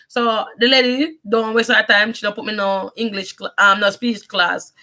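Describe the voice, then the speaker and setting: A woman's voice: mid-range voice, steady tone, moderate pace, pushed and bright. A young Jamaican woman with a strong Jamaican accent, telling her life story in a casual, rambling vlog, mixing in patois and often restarting her sentences. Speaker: vlogger.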